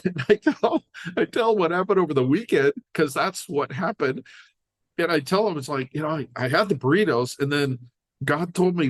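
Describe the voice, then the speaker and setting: A man's voice: medium pitch, normal speed. An older American man, a podcast guest, telling personal stories in casual conversation and acting out the dialogue. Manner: animated storyteller acting out dialogue.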